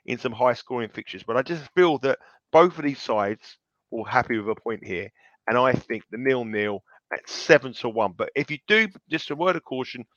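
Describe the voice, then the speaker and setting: A man's voice: lowish voice, a bit bright, no echo. A man co-hosting a betting podcast, telling stories in a rambling, self-mocking way with many restarts. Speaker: podcast co-host, betting tipster. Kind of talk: casual podcast chat. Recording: slightly dull lo-fi sound.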